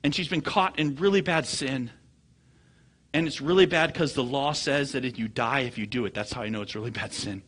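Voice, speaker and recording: Man, preacher, bright tone, husky voice, sermon, dramatic loud-soft swings. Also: a little fast. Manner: animated storytelling preacher, voice swings from low murmurs to loud high bursts. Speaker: pastor.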